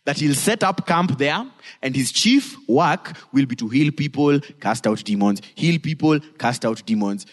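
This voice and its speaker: A male pastor preaching a sermon in a lively, joking way, acting out bits as he teaches. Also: medium pitch, unhurried, long reverb tail. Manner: lively, joking, retelling with voices.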